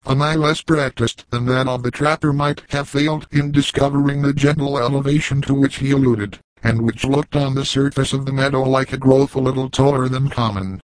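Male audiobook narrator, mid-pitched, formal and even, dry close mic. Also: fairly quick, hardly any pauses, dry recording, rough recording. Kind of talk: scripted narration of a classic novel.

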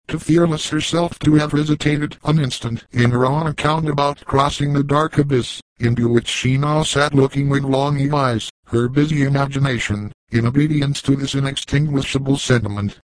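A man narrating an audiobook in a steady, measured reading, in a dry, close sound. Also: medium pitch, no room sound, low-quality recording.

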